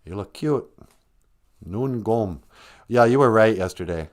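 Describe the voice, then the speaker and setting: A man in his fifties with a Minnesotan accent hosts a casual comedy podcast. He talks playfully, laughs easily and stretches words out. His pitch moves around freely. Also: lively intonation. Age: 50s. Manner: playful, laughing, drawls phrases out slowly. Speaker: podcast host.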